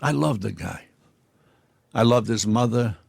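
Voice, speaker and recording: A man, a guest in an interview, telling profane anecdotes in a blunt, animated way and acting out the dialogue. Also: lowish voice, measured pace, gravelly, husky, no echo.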